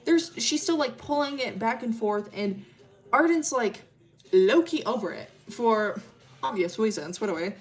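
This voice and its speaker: A woman's voice: a little high, expressive, measured pace. Rambling, swearing young woman storyteller. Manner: rambling, cursing, filler-heavy. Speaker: streamer. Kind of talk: casual storytelling.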